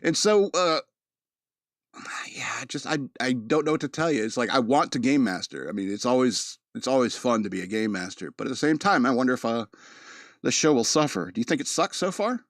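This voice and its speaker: A podcast host from the U.S. East Coast, with a mid-Atlantic American accent, gives a loose, rambling monologue full of jokes and frequent laughter. His medium-pitched voice is expressive and fairly quick, and the recording is dry.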